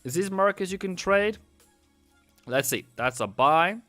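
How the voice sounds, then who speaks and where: A man's voice: sits high, lively intonation, unhurried, bright, forceful tone, no echo, soft background music. A trading educator, a tired man, doing casual live chart commentary and chanting buy and sell calls. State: worn out.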